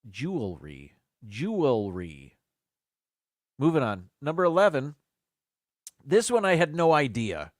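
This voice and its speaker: A man's voice: on the high side, sing-song, normal speed, pauses often, no room sound, clean studio sound. A man hosting a casual live stream by himself, chatting as he thinks aloud. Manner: chatty, muses aloud about word pronunciations.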